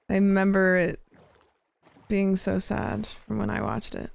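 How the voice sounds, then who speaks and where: A woman's voice: medium pitch, sing-song, unhurried, gravelly, pauses often. A young woman streaming a game, chatting with viewers in a rambling, casual way. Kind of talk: casual gameplay chat.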